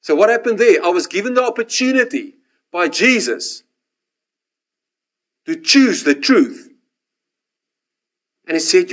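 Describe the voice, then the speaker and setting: A man, preaching a sermon and telling his own story, animated in the dramatic parts and hushed in the reflective ones. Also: high voice, unhurried, pauses often. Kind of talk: sermon with personal testimony.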